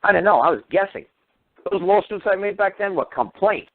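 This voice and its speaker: A man's voice: high-pitched, animated, a little fast, no room sound. A man lecturing on a radio talk show in a combative, mocking and crude way. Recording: tinny phone-line radio audio.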